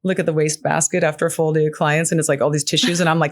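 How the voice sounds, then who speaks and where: A woman's voice: low voice, fairly even intonation, quick pace, hardly any pauses. A woman guest on a podcast, speaking frankly and earnestly in casual conversation and often saying "you know.". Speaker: podcast guest, grief counselor.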